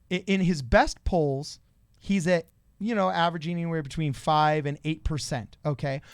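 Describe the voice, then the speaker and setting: A man with a slightly raised voice talks through politics in a casual, animated way. The sound is dry and close, with no room around it. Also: fairly high pitch, dry recording. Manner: animated explaining, acts out quoted voices. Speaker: podcast co-host.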